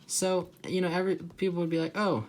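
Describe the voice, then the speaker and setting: A man's voice: high voice, monotone, quick pace, darkish tone. A young man rambling casually as he draws, with many filler words and restarts. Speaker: artist vlogger. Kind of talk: casual rambling while drawing.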